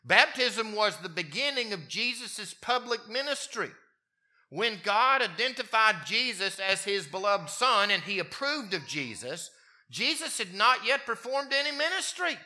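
A man preaching a sermon, his voice moving from quiet, low passages up to emphatic, raised peaks. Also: very animated, a little slow. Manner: wide swings in pitch and loudness, rising to emphatic peaks. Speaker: pastor.

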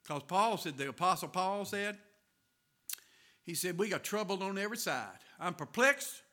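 High bright-voiced preacher, quiet to shouting. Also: male voice, expressive, moderate pace. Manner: swings from quiet asides to loud shouting, laughs often. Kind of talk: sermon.

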